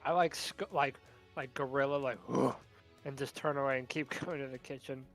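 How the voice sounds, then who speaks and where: Chill player giggling through a tabletop game, mid pitch, faint music. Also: fairly even intonation, fairly quick. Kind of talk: casual tabletop play.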